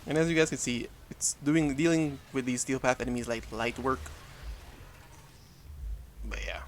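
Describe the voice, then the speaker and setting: At a moderate pace, a young man with a mid-range voice narrates gameplay in a loose, meandering way, frequently going back to correct what he just said. He's a gaming YouTuber, and faint background noise can be heard.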